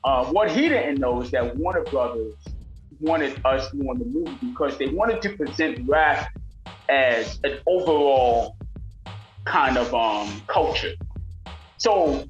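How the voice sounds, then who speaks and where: An older man, a rapper being interviewed, telling animated stories and mimicking voices in casual talk. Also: mid-range voice, takes it slowly, muffled recording. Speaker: rapper guest. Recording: roomy sound with faint music.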